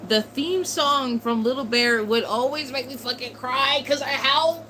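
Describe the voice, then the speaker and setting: A young woman in her twenties, with a slightly high voice, chats loosely with her livestream audience. She swears freely and drifts into fond memories. A faint background hiss sits under her voice. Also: measured pace, pushed and bright, rough recording. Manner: chatty, swears freely, nostalgic. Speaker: streamer reading chat. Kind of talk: casual livestream chat.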